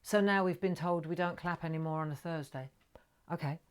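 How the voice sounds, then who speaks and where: Middle-aged woman, craft livestream host, chatty, lower voice, bright greetings, drops to whispers. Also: a little fast, smooth. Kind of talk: chatty live craft stream.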